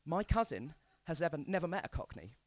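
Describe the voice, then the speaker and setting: A man's voice: fairly high pitch, sing-song, a little fast. A man with a posh English accent doing a stand-up comedy routine, rambling and correcting himself. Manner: rambling, self-correcting, nervous-jokey asides.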